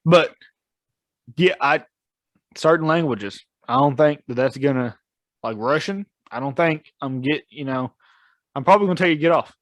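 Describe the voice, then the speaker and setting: A man's voice: a little high, moderate pace, pauses often, no room sound. A man co-hosting a podcast in casual chat, joking, laughing often and trailing off into restarts. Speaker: podcast co-host. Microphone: studio podcast mic.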